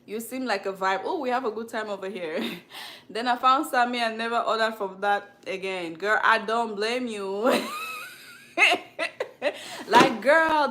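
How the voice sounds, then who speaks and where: A woman's voice: medium pitch, a bit bright, slight background noise. A woman hosting a casual beauty chat, reading comments and gossiping with frequent laughter. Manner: chatty, laughs often, gossipy. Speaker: beauty channel host.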